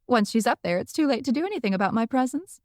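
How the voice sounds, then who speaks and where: A woman's voice: fairly high pitch, lively intonation, fast talker, no echo, clean studio sound, pitched above the performer's own voice, natural voice. A woman playing a smug, teasing witch. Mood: mocking. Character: scheming middle-aged female witch heckler.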